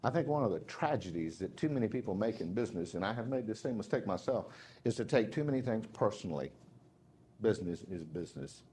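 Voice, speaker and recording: A man's voice: on the low side, lively intonation, fast talker, darkish tone, slight background noise. A man giving a live motivational speech to sales staff, folksy and rambling with self-deprecating humor. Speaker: sales trainer, motivational speaker.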